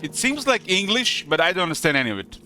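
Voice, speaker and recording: While gaming on a live stream, a man from Croatia chats casually in English, his second language, with a Croatian accent and plenty of hesitant, rambling fillers. His voice sits high with big pitch swings, sounding pushed and bright at a quick pace. Soft music plays in the background.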